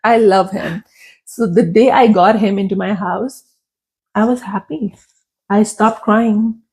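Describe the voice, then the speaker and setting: A woman's voice: mid-range voice, measured pace, darkish tone, slightly rough. A young adult woman, a podcast guest, telling her personal story candidly and emotionally, repeating phrases for emphasis.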